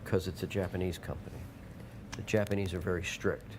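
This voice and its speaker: A man's voice: low voice, level tone, fairly quick, background noise. A man hosting a local TV show, rambling and joking in casual chat and slipping into playful put-on voices. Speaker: TV show host.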